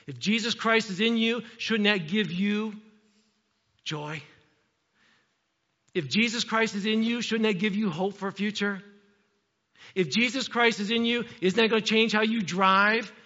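A man's voice: high voice, bright, forceful tone. A middle-aged man preaching a sermon as a pastor, telling stories animatedly, acting out voices and asking rhetorical questions. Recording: dull sound with long hall reverb.

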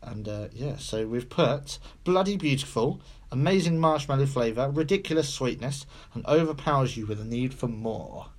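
A man's voice: medium pitch, expressive, normal speed, hardly any pauses. A man co-hosting a casual beer podcast, chatty and jokey, often restarting his sentences. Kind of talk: casual chat.

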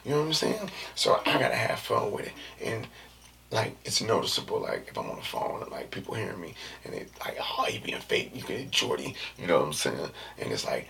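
A man's voice: deep voice, fairly quick, gravelly, distant mic, slight background noise. A man in his thirties talking casually and loosely in slang, sometimes dropping to a whisper. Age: 30s. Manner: loose, slangy and animated, drops into whispers and jokey put-on voices. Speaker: vlogger. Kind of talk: casual monologue.

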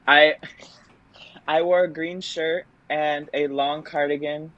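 A man's voice: fairly high pitch, steady tone, takes it slowly, dry recording, dull audio. A young man, a stage actor, telling an audition story in a chatty, self-deprecating way, with many fillers and laughs. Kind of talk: casual interview storytelling.

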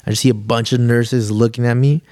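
A man's voice: medium pitch, little pitch movement, a little fast, darkish tone, no echo, studio quality. A young man, a podcast guest telling a long story in a laid-back, slangy way, full of "like" and "dude". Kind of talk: casual storytelling chat.

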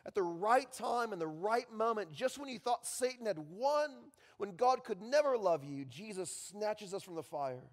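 A male pastor preaching a sermon, telling stories and dropping at times to a hushed voice. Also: sits high, lively intonation, normal speed, few pauses. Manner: storytelling with sudden drops to a hushed voice. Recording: long reverb in a large hall.

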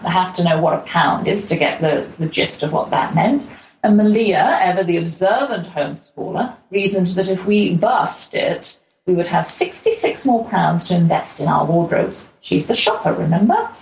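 A woman's voice: mid-range voice, darkish tone. Middle-aged woman chatting through a travel story, bit of room echo and faint hiss. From England. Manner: chatty, lightly humorous storytelling. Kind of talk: travel diary narration. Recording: roomy echo with faint ambient noise.

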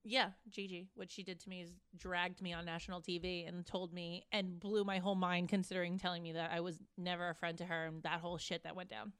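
Blunt, brash woman with a bright voice. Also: on the low side, flat delivery, fairly quick, few pauses, smooth, no echo, studio quality. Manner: blunt, brash, swears a lot. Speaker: guest. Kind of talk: casual podcast chat.

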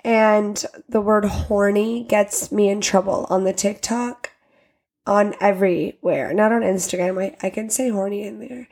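A woman's voice: medium pitch, darkish tone. A woman host talking loosely and bluntly on her podcast, swearing freely as she vents. Her voice sits in a middle register. She tells stories by acting out the people in them. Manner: blunt, profane and candid; storytelling with acted quotes. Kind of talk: casual podcast rant.

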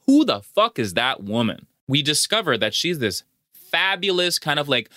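A man co-hosting a casual podcast, recapping a film with animated storytelling and mock quotes. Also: medium pitch, moderate pace, no room sound, studio quality. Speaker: podcast co-host. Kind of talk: casual movie recap chat.

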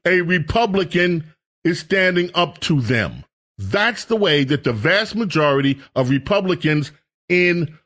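A man's voice: high-pitched, a bit bright. A middle-aged man hosting a political talk radio show, delivering a heated, sarcastic monologue. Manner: heated, sarcastic, mocks others in put-on voices.

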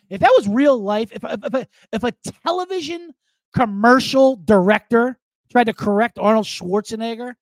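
Male podcast host at home, casual profane monologue, high lively voice, dry sound. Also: moderate pace, dry recording. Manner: profane, jokey, animated rambling.

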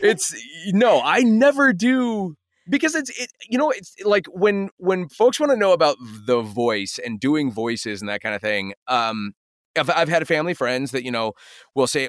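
A man in his forties chatting as an interview guest, telling stories with lots of energy and dipping into quick impressions. His voice sits a touch high for a man. The sound is dry and close, with no room in it. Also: no room sound. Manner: animated storytelling, slips into impressions. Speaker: voice actor, guest. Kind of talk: casual interview chat.

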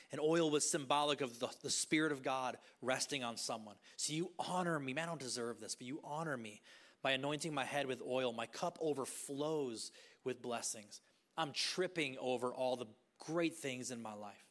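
A man's voice: medium pitch, brisk, fairly bright tone. A middle-aged man preaching a sermon in a conversational way, acting out bits of dialogue and often restarting phrases. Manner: conversational, acts out voices, many restarts. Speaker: pastor.

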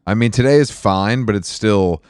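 Low-voiced, laid-back man laughing easily. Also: normal speed, a little mellow, smooth. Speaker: podcast co-host. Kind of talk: casual chat.

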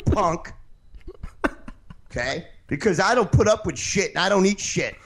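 A man's voice: high voice, wildly swooping pitch, slow pace, breathy edge. A man hosting a show, arguing heatedly with a caller, defensive and swearing, repeatedly insisting on finishing his point. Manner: defensive, interrupting, swearing, keeps asking to finish. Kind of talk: heated call-in radio argument.

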